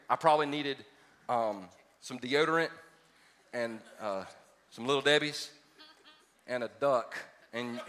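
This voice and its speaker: Folksy pastor in a big hall. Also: male voice, medium pitch, fairly bright tone. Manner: folksy, joking, builds to emphatic preaching. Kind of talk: sermon with storytelling. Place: large church hall. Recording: reverberant church hall.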